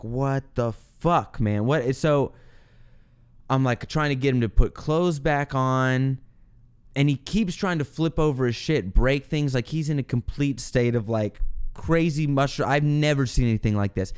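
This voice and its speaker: A young man with a smooth, clear voice recounts a chaotic story on his podcast. He talks casually and animatedly, laughs at his own tale, swears freely and slips into the voices of the people in it. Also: mid-range voice, darkish tone. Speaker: podcast host.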